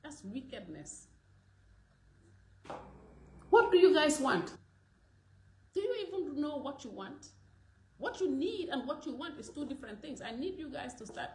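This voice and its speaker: A woman from the Gambia, giving an impassioned monologue that often rises to loud exclamations. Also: high-pitched, very animated, unhurried, pauses often, roomy sound. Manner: rising to loud exclamations, mixing in Wolof. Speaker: commentator from the diaspora.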